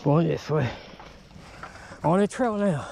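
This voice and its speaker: A man's voice: on the high side, lively intonation, takes it slowly, vocal fry, warm tone, slight background noise. A man vlogging in the woods, chatting casually, talking to his dog and swearing now and then. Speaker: bushcraft vlogger. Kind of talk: casual vlog talk. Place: outdoors in the woods.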